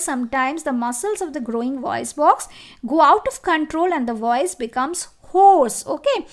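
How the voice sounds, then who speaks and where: High-voiced woman teaching biology. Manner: explains step by step with many fillers and restarts, asks the class questions. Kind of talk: classroom lecture.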